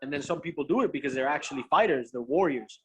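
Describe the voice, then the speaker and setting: A young man, a professional fighter, chatting as a guest and telling stories in an animated, profane way, often restarting his sentences. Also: fairly high pitch, fast talker, slightly rough. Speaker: guest, pro MMA fighter. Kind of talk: casual chat, storytelling.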